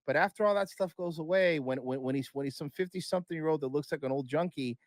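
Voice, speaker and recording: A man's voice: on the high side, quick pace, no echo. A man talking as a podcast guest in casual chat, blunt and profane, rambling with restarts.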